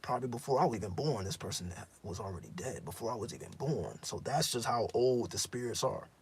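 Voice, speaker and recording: A man's voice: medium pitch, animated, fast talker, slightly rough. A man speaking in a casual, intense monologue as a spiritual teacher, profane and repeating himself for emphasis.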